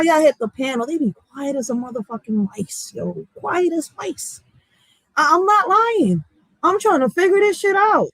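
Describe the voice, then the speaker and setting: A woman's voice: no echo, low-quality recording. Fired-up woman from Philly venting. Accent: Philadelphia. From Philadelphia. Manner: blunt, profane, swings between loud outbursts and low muttering. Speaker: vlogger. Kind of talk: heated profane rant.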